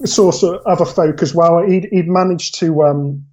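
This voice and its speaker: A man's voice: a little high, steady tone, moderate pace, darkish tone. A man guesting on a podcast, telling a long story in a chatty, rambling way and correcting himself often. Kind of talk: casual storytelling chat.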